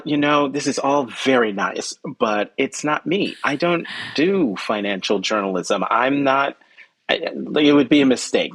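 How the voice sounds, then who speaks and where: Husky man telling a lively story. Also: poor audio. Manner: animated, acts out quoted dialogue with pitch jumps; frequent ums and self-corrections. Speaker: journalist and podcast guest. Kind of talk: conversational storytelling.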